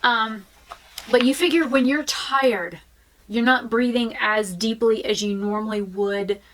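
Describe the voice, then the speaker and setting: A woman's voice: a little high, measured pace, a bit bright, slight background noise, rough recording. A woman vlogging in a frank, chatty way, with fillers and restarts. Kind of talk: candid casual talk to camera.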